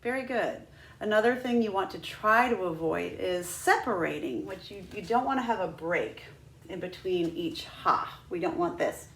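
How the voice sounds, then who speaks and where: A woman's voice: mid-range voice, animated, moderate pace, a bit bright, echoey room. A woman teaching a flute lesson, patient and demonstrative, walking students through each step. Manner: patient, demonstrative, breaks into sung "ha ha" drills. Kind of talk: instructional lesson.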